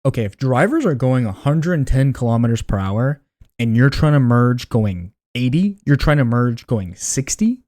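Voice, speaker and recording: A young man talking straight to camera in a loose, slangy vlog voice. His pitch leaps and dips with every complaint, and he sounds openly exasperated, like he's venting to friends. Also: moderate pace. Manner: animated, exasperated, slangy, addresses viewers as buddy and dude. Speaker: driving vlogger ranking habits. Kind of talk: casual commentary to camera.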